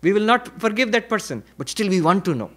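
A man's voice: sing-song, quick pace, fairly bright tone. A man, a monk, giving a reflective spiritual lecture at a retreat, repeating key phrases and posing questions. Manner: reflective teaching with repetition and rhetorical questions; varies pitch and pace for emphasis.

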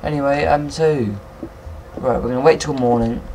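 A young man giving casual, excitable game commentary at his computer, swearing often and talking to himself. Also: mid-range voice, normal speed, a little hiss or hum. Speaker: gaming video maker. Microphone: computer mic, no headset.

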